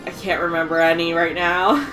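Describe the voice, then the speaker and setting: A woman's voice: fairly low pitch, steady tone, brisk. A young woman chatting casually while playing a game, rambling, giggling often and swearing freely. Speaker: let's play co-host. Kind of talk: casual chat over gameplay. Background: faint game music.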